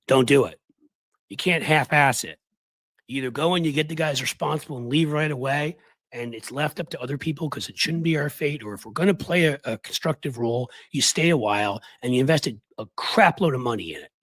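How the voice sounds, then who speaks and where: A man hosting a political live stream, raspy from the flu, talking bluntly and conversationally to his viewers. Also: medium pitch, a bit bright, no room sound, rough recording. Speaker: political commentary host.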